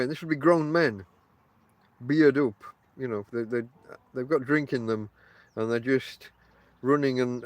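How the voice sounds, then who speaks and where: A middle-aged man from England, medium-pitched with a darkish tone in a dry recording, hosts a laid-back podcast on the coast outdoors. His Yorkshire-and-Lancashire northern accent carries a wandering, chatty monologue aimed straight at listeners, peppered with ums and restarts.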